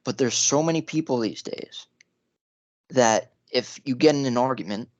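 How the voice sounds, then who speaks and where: A man's voice: medium pitch, moderate pace, no room sound. A young man co-hosting a podcast, giving earnest opinions in casual chat and laughing between points. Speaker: podcast co-host. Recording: dry, muffled mic.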